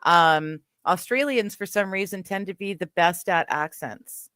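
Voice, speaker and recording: A woman's voice: fairly low pitch, measured pace, fairly bright tone, dry recording. A woman hosting a casual live stream chat, reading chat messages aloud and laughing easily. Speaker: stream host.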